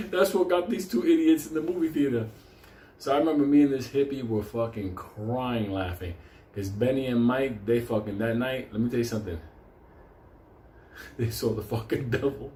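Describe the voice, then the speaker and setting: A man's voice: medium pitch, normal speed, a little hiss or hum. A man tells a comic story full of swearing and bursts of laughter. His voice sits in a middle register. The room has a noticeable echo, with faint ambience behind him. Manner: animated, laughing, heavy swearing. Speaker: show host telling a story.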